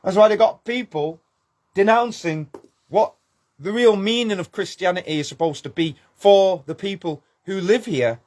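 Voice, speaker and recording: A man's voice: sits high, moderate pace, darkish tone. A man delivering a scornful, preachy monologue, firing rhetorical questions and repeating his points. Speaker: channel host. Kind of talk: impassioned monologue rant.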